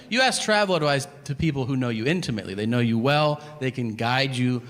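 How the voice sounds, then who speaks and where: A man doing stand-up comedy, telling stories with profane, deadpan asides before a live audience. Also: medium pitch, a little fast, few pauses. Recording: live stage recording with hall reverb and audience noise.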